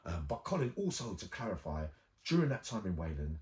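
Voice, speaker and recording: A man's voice: low voice, big pitch swings, brisk, a little mellow. A middle-aged man, hosting a casual interview, eager and interjecting often. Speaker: host.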